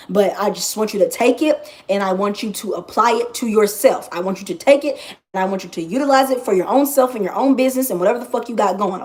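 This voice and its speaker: A woman's voice: medium pitch, darkish tone. A woman astrologer talking in a casual vlog monologue, brash and profane, and she repeats phrases for emphasis.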